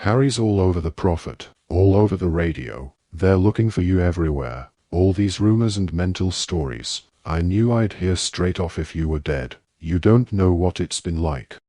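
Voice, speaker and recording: An awkward teenage wizard boy, as a man reads him, defensive and apologetic, explaining in a rush. The voice sits deep and low, recorded dry with no room sound. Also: expressive, normal speed, hardly any pauses, mellow, no echo.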